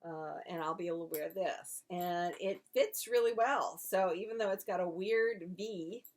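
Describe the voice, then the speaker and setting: A woman's voice: fairly low pitch, moderate pace, a little mellow. A woman co-hosting a knitting podcast, chatting casually and explaining her projects step by step. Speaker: podcast co-host.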